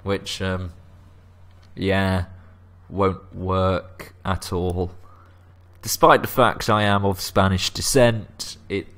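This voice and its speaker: Man, game let's play host, joking asides, fairly low voice. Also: fairly even intonation, takes it slowly, fairly bright tone. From England, Lancashire. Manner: joking, self-deprecating asides.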